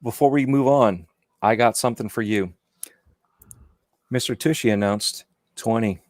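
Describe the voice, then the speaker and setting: A man in casual podcast chat who rambles, restarts and leans on "you know." His pitch sits in the middle. The sound is dry and close. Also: normal speed, dry recording. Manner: rambling, repeats words, lots of "you know". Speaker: podcast guest.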